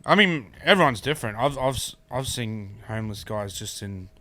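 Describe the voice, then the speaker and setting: A comedian with an Australian accent, telling stories in a rambling, casual podcast chat. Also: male voice, medium pitch, lively intonation, normal speed, pushed and bright, no echo. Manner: rambling storyteller, trailing asides. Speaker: comedian guest.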